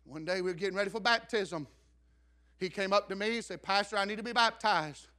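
A middle-aged man preaches a story-driven sermon from the pulpit. His voice sits very high and rings bright and forceful. He drops to hushed asides, then builds up to shouts. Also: fairly quick. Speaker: pastor.

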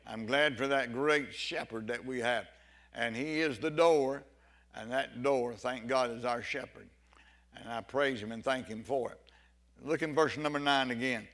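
Fervent male preacher, bright voice. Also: mid-range voice, moderate pace. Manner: fervent, builds to loud exclamations; repeats phrases, shouts amen and hallelujah. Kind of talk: evening sermon.

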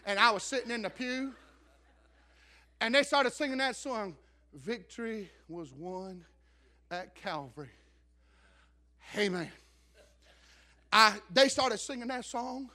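A middle-aged man preaching a sermon as a pastor, telling a story and rising from quiet asides to shouts. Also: very high voice, a little slow, long pauses.

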